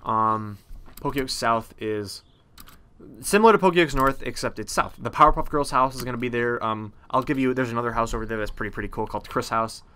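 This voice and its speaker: A man's voice: mid-range voice, a little fast, sharp tone, clean tone. A man casually narrating a game walkthrough, chatty and rambling with many ums and uhs. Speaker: gameplay narrator.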